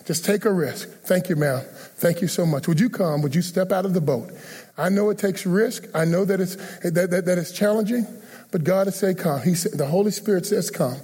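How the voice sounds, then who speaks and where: A male pastor with a high, mellow, slightly husky voice delivers a brisk, earnest altar call, repeatedly pleading with listeners to come forward. His words echo at length through the large church sanctuary.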